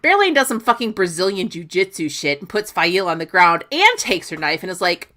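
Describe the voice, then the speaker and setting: A woman's voice: fairly low pitch, lively intonation, pushed and bright. A woman podcast host giving a profane, comedic recap of a book chapter, with voiced quotes. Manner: profane, sassy, quick retelling with voiced quotes.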